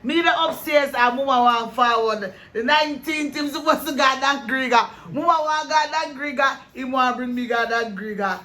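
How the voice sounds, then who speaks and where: Jamaican guy, really high voice, goes off on a long rambling story. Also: moderate pace, few pauses, pushed and bright. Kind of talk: casual chat. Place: barbershop.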